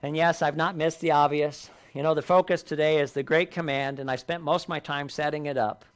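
A man preaching a sermon, earnest, lifting his voice for emphasis and dropping low on key lines. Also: steady tone, a little fast, smooth. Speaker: pastor.

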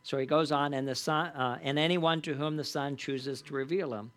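A man with a somewhat higher voice teaches a Bible class in a relaxed, conversational manner. He often checks in with the group through short tag questions. He leans into the scripture passages he reads aloud. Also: normal speed.

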